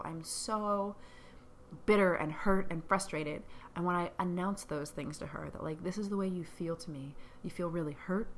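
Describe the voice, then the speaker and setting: A woman's voice: on the low side, a little hiss or hum. A woman business coach giving a blunt, profane motivational monologue, repeating her points for emphasis.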